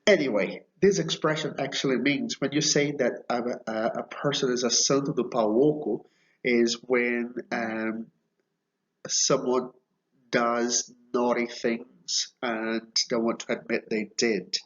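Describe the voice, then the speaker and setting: A man teaching idioms in a video lesson, speaking slowly and explaining patiently. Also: medium pitch, fairly even intonation, dull audio. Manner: slow, explanatory, repeats phrases and checks with "okay?". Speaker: Portuguese teacher.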